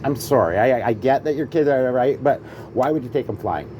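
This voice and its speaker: A man's voice: mid-range voice, expressive, brisk, mellow, slight background noise. A man hosting a vlog, chatting casually at a coffee shop, opinionated, swearing freely and often asking "right?". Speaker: vlog host. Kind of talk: casual chat.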